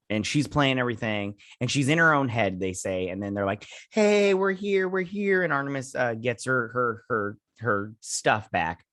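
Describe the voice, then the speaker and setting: A man's voice: on the low side, bright, forceful tone, no echo, clean studio sound. Chatty man recapping a TV episode. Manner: retells scenes with quick offhand impressions; chatty with frequent fillers. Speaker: show host. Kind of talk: casual episode recap and review.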